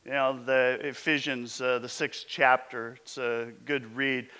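A man preaching a sermon as pastor, emphatic, with his voice often dropping low and intense. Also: little pitch movement, unhurried, pushed and bright, clear, resonant tone.

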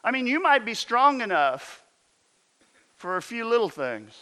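A man's voice: very high voice, big pitch swings, unhurried, bright, forceful tone, smooth. A man preaching a sermon as a pastor, telling stories and asking emphatic rhetorical questions.

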